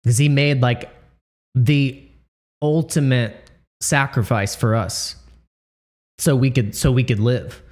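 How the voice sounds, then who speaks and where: A man of middle pitch hosts a casual livestream, and his voice is choked up and tearful. He stumbles through restarts and fillers as emotion catches him. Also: fairly even intonation, slow pace, long pauses, a little mellow. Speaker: crypto livestream host.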